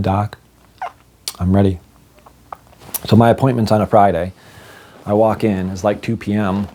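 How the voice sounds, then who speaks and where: A man's voice: lowish voice, dark tone. A man telling a personal story in a casual vlog, with wry, self-deprecating humor.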